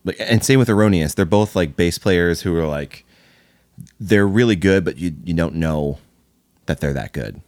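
Low-voiced man chatting loosely. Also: animated, normal speed, a little mellow, no echo, clean studio sound. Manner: rambling, lots of fillers, laughs while telling stories. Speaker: podcast guest. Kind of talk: casual chat.

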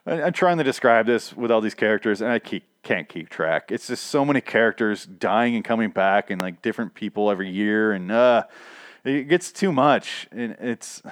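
A man's voice: medium pitch, dry recording, clean studio sound. A man casually recapping a TV episode, rambling and profane, laughing at his own asides.

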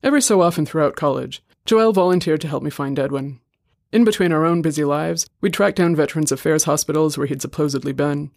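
A man reading a short story aloud in a steady, measured way. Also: fairly high pitch, vocal fry, no echo, clean studio sound. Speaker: story reader. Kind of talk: scripted narration.

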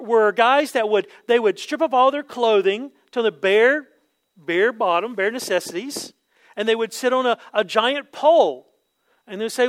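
Guy with a pretty high voice preaching casually, tosses in "right?" all the time. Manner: conversational, keeps asking "right?"; acts out quotes with sudden pitch jumps. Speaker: pastor. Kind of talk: expository sermon.

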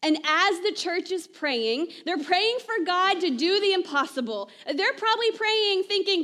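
A woman pastor delivering a sermon in a conversational way, often checking in with "right?" and trailing off softly at the ends of phrases. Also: extremely high pitch, lively intonation, moderate pace, hardly any pauses. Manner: conversational preaching, frequent "right?" asides.

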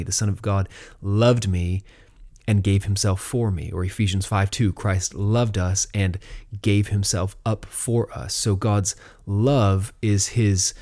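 A man with a lowish voice teaches doctrine in an earnest, explanatory way. He pauses on fillers and restarts as he works through an idea, then reads verses aloud. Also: a little mellow.

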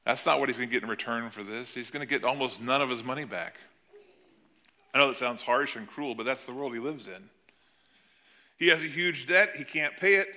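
A middle-aged man preaching a sermon, telling the story with animated swings between loud emphasis and quiet asides. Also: medium pitch, a little fast. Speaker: pastor.

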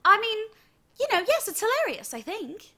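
A woman's voice: very high-pitched, very animated, moderate pace, bright, forceful tone. A woman co-hosting a comedy show, earnest and cheerful, a little flustered. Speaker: comedy co-host, sketch performer. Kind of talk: improvised comedy banter.

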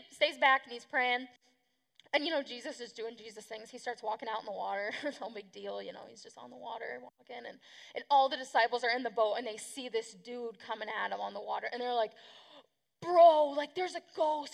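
Woman youth pastor, high gravelly voice, casual sermon, reverberant hall. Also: fairly bright tone. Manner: chatty, slangy, acts out quotes.

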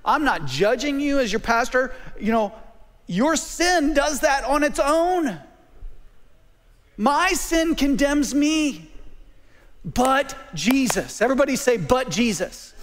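A man preaching a sermon as pastor, calling for amens and dropping to a hush at times. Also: very high-pitched, animated, takes it slowly, big-room sound. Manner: call-and-response preaching, swinging from loud to hushed.

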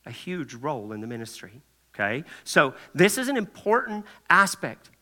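Male pastor, sermon delivery, bright and tense tone, a bit higher pitched, animated and folksy. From Kentucky. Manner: animated, folksy, asks the room "right?" often.

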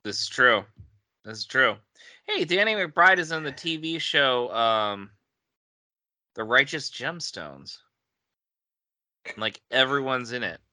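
Bright, slow-talking casual man. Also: mid-range voice, lively intonation, no echo, studio quality. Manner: laughs often, stammers and repeats words. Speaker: podcast co-host. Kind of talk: casual chat.

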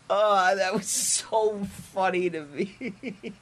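A man's voice: high-pitched, extremely slow. A man co-hosting a podcast, casually retelling a comic story with frequent laughter and acted-out quotes. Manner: giggly, animated retelling of a comic, acts out quotes. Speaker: podcast co-host.

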